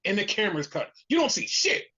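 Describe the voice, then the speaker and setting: Animated podcast host, muffled lo-fi audio. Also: medium pitch, brisk. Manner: animated storytelling, heavy use of "like". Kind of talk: casual wrestling recap chat.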